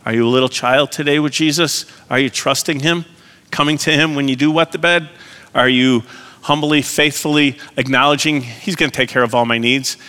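An earnest male pastor preaches with a bright, forceful voice. His words ring out into a long, reverberant church hall. He keeps turning to his listeners with direct questions. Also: medium pitch, fairly even intonation, brisk, clear, resonant tone. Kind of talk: sermon.

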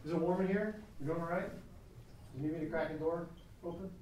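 A man teaching a Christian class in a lecture style that is chatty and animated, with asides, recorded from a distance in a classroom. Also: on the high side, quick pace, a little hiss or hum. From United States. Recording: very echoey room, mic at a distance.

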